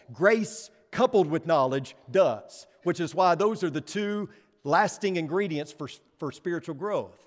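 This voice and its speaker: Emphatic preacher in an echoing church. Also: male voice, on the high side. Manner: emphatic, with rhetorical questions and shifting loudness. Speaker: pastor. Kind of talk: sermon. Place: church sanctuary. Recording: long hall reverb.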